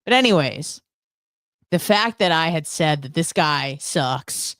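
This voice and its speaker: A woman's voice: low voice, expressive, slow, a bit bright, dry recording, clean studio sound. A woman co-hosting a show, telling a story in a blunt, profane and sarcastic casual rant. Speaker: podcast co-host. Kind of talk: casual ranting monologue.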